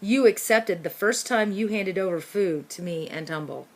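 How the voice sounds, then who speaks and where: A woman voicing a calm, ambitious young male street rat who speaks in a matter-of-fact way in a storybook reading. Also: medium pitch, moderate pace, natural voice.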